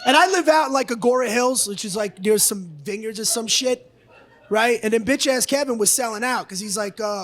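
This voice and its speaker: Brash, high-voiced comedian ranting. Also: male voice, fairly quick. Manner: brash, profane, ranting, often shouting. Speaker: stand-up comedian. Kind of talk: stand-up comedy routine. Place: comedy club stage. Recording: live club audio with background noise.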